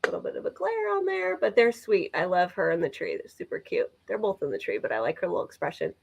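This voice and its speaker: A woman's voice: lowish voice, huge pitch swings, fast talker, gravelly, breathy edge. A woman co-hosting a live vintage sale, chatting enthusiastically as she describes items. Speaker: vintage seller co-host.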